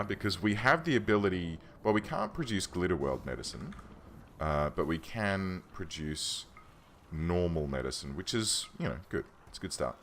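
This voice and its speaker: With slight background noise, a low-pitched, slightly bright-voiced man hosts a let's play from his home. He talks through the game casually, musing aloud and often catching and correcting himself partway through sentences.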